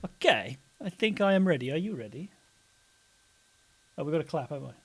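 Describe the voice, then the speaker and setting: A man co-hosting a casual chat show, playful and quick to laugh. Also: fairly high pitch, sing-song, breathy edge. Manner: laughs often, playful and chatty. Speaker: podcast co-host.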